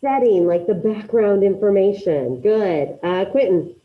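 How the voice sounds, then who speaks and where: Over a video call with dull, lo-fi audio, a woman teaches high school Spanish in a mid-range, expressive voice, going a little slowly. She names students to respond and offers encouragement for their answers.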